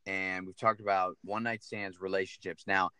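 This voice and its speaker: A man's voice: sits low, flat delivery, moderate pace, sharp tone, clean tone, dry recording. Joking male podcast host, dry mic. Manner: loose, joking interviewer. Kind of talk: casual podcast chat.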